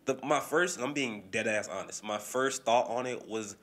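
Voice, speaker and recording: A podcast co-host chats casually and profanely, speaking at a normal speed in a medium-pitched voice. He's animated and mimics people's voices whenever he quotes them.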